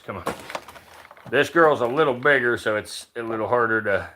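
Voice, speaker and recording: A man's voice: lively intonation, normal speed. Casual man murmuring to his snakes. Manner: coaxing the animals in low murmurs, then explaining to viewers. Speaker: reptile keeper streaming live. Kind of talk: casual live-stream talk while feeding snakes. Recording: roomy echo, faint background noise.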